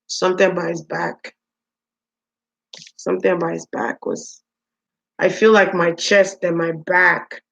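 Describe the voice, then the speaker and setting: A woman giving a spiritual reading to her viewers, musing aloud with many pauses, ums and repeated words. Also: fairly low pitch, little pitch movement, vocal fry, a bit bright. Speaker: spiritual reader. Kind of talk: psychic reading monologue.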